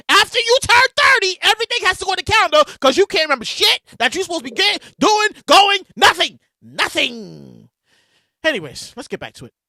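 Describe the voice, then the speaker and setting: A woman in her thirties hosting a solo podcast, telling stories in a casual, profane, animated way and acting out quotes loudly. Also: high-pitched, no room sound, clean studio sound. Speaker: podcast host.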